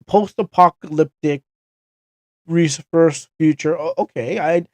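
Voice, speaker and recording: A man's voice: on the high side, slow pace, a little mellow, dry recording. A young Canadian man chatting casually on a game livestream, rambling and correcting himself with chuckling asides. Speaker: streamer.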